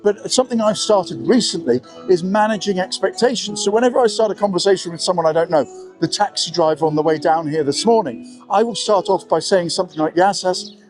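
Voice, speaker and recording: A middle-aged man with an English accent talks straight to the camera in a frank, easy way, poking fun at himself now and then. His voice sits a touch higher than most men's. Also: lively intonation, fast, over music. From England. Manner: frank, conversational, self-deprecating. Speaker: vlogger living abroad. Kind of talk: advice talk to camera.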